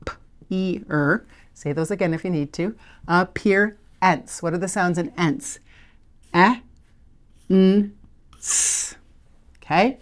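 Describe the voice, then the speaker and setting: A patient, encouraging woman leads a video spelling lesson. Her voice sits a little low. She slows down to sound out letters one by one. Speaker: literacy teacher.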